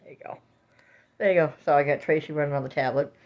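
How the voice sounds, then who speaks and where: Animated woman vlogging from home. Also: low-pitched, fast, dull audio. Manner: animated, coos and exclaims, talks to viewers as "guys". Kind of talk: casual home video narration. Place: home, filming out a window.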